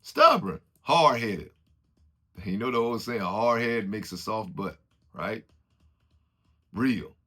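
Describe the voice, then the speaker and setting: A man's voice: fairly low pitch, slow, long pauses, a bit bright. A man giving an informal, preachy motivational talk, acting out what other people say as he goes. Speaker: motivational speaker.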